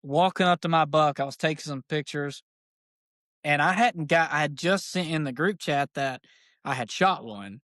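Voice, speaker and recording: A man, a podcast guest, tells a story in casual, excited, rambling speech, full of fillers like "dude". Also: a little high, moderate pace, no echo, studio quality. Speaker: podcast guest, archery shop owner.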